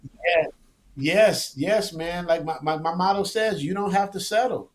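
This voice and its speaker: Animated slangy man, higher voice. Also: a little slow, slight background noise. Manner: animated, repeats words, slangy. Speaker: guest. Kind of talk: casual interview chat. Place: lives abroad, remote interview.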